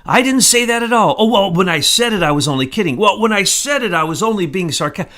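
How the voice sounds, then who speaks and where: A man's voice: high voice, lively intonation, quick pace, pushed and bright, voice pushed up. A man mocking a whining male official who pleads his innocence and piles up excuses. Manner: whiny, excuse-making.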